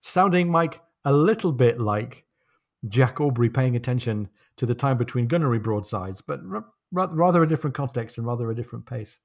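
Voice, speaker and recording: A man co-hosting a podcast, chatting casually about a novel and reading passages aloud slowly and deliberately. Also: medium pitch, lively intonation. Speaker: podcast co-host. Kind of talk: casual book discussion with read-aloud passages.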